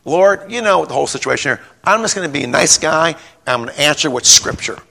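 A middle-aged man preaching a folksy sermon, telling a personal story in a rambling way, repeating words and rising to a shout when stirred. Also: a little high, animated, fast talker, vocal fry. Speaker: pastor.

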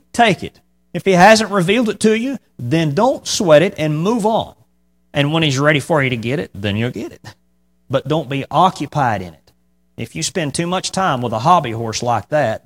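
A male preacher walks his listeners through scripture verse by verse in a mid-range voice. He talks conversationally, tossing in "okay?" and dry, sarcastic asides. When he presses a point, his voice climbs high and loud. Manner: conversational, repeats "okay?" to the congregation. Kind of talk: verse-by-verse Bible teaching.

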